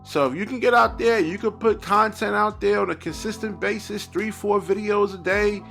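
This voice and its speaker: A man's voice: sits high, normal speed, gravelly, fairly bright tone, faint music behind. A man commentating on basketball in an exasperated, repetitive reaction rant, often tacking on "man".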